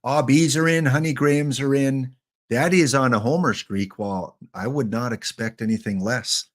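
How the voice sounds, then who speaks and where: A man's voice: medium pitch, moderate pace. A man casually hosting a game live stream, chatting and joking with viewers by name.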